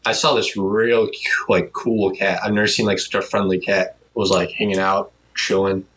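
A young man hosting a casual podcast chat, rambling and animated, often mimicking other people in high voices. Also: normal speed, a little hiss or hum, rough recording. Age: young adult. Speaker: podcast host.

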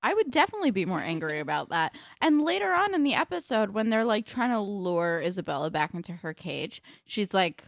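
A woman co-hosting a podcast, chatting casually and bluntly with swearing and quick asides. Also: medium pitch, sing-song, vocal fry, dry recording, clean studio sound. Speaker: podcast co-host. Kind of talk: casual recap chat.

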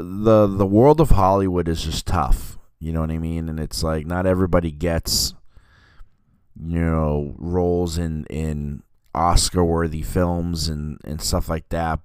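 A deep, darkish, clear and resonant voice belongs to a podcast host giving a casual film review chat, captured in a dry recording. He talks in a meandering way, full of fillers and self-corrections.

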